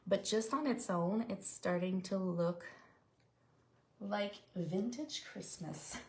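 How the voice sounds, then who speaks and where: A woman's voice: mid-range voice, slow pace, a little mellow, roomy sound, slight background noise. Chatty woman demonstrating a craft. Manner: chatty, explains steps while working, reads viewer comments. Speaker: card-making demonstrator. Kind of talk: live craft tutorial.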